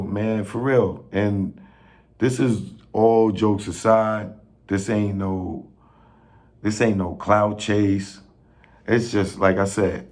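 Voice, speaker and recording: A man in a casual rant to camera, pleading and joking, with slang and sudden rises in pitch when he gets worked up. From New York. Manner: slow, pleading, street slang, laughs at own jokes, pitch jumps when worked up. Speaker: filmmaker addressing industry figures.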